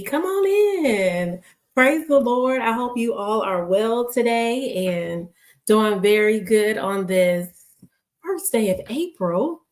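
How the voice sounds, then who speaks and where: A woman's voice: medium pitch, darkish tone. A woman hosting a ministry livestream, giving casual, encouraging bedtime words and blessing her viewers. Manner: upbeat, blessing viewers, easygoing fillers. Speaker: ministry host. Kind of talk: casual encouraging devotional talk.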